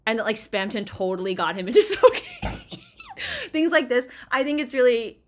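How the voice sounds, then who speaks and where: A woman's voice: a little high, very animated, moderate pace, slight background noise. Chatty, rambling woman gaming host. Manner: rambling, chatty, with frequent fillers and laughs; swings between loud outbursts and quiet muttering. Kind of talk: casual let's play commentary.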